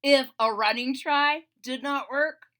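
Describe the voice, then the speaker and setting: A woman voicing a patient, encouraging frog in a storybook read-aloud, calm and reassuring. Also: high voice, slow pace, exaggerated voice.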